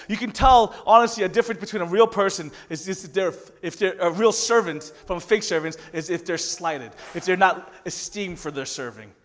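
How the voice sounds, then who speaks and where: Male pastor, 30s, high voice, sermon that swings from chatty to forceful. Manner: conversational preaching that builds to loud emphatic passages. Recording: long reverb of a large hall.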